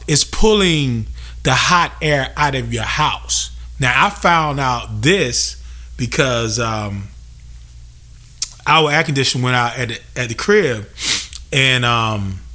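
Bright, animated podcast host man. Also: medium pitch. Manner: loose, profane, repeats himself for emphasis. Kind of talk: casual podcast vent.

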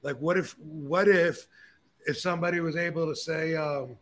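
A man hosting a podcast, telling stories and opinions in a casual, animated way, with frequent swearing. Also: fairly high pitch, normal speed. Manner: animated, profane storyteller. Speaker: podcast host. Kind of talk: casual chat.

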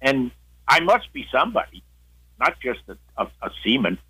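A man's voice: medium pitch, big pitch swings, moderate pace, sharp tone, breathy edge, low-quality recording. An older man, a guest on the show, telling a long story in a casual way, with many restarts and acted-out quotes.

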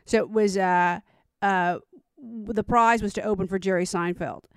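Guest: woman in her fifties, smooth resonant voice, relaxed storyteller, dry sound. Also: medium pitch, measured pace, no echo. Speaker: guest comedian. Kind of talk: casual panel chat.

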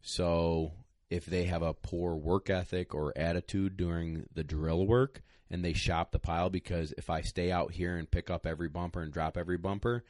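A deep-voiced man talks through retriever training in casual podcast chat, blunt and emphatic in his advice. He sounds a little out of breath. His voice is recorded dry and close, with no room sound. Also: little pitch movement, moderate pace, hardly any pauses, darkish tone, no room sound. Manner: blunt, plain-spoken, emphatic.

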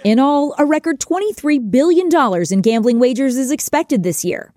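A woman field reporter giving an upbeat, animated on-location news report. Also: sits high, moderate pace, no echo, clean studio sound. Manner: bubbly, animated.

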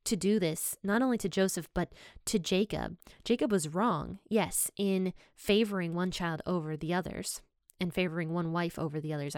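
A woman's voice: fairly low pitch, darkish tone, dry recording, studio quality. A young woman giving a casual, chatty Bible study, sharing personal stories and laughing as she explains. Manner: chatty and conversational, laughs while telling stories. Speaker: Bible teacher.

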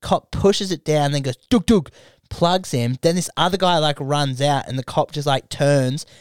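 Swearing young man, smooth voice. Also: a little high, normal speed, no room sound, clean studio sound. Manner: animated, swearing storyteller. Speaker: podcast co-host. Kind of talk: crude casual chat.

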